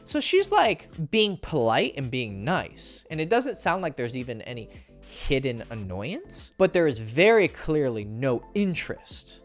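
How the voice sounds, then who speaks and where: A man coaching on dating, speaking straight to the camera with a very lively voice that leaps up for emphasis. He is blunt and swears freely, tossing in "right?" and "okay?" over faint music. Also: unhurried. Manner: blunt and profane, keeps checking in with "right?" and "okay?"; animated, jumps up in pitch for emphasis. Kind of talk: direct-to-camera advice monologue.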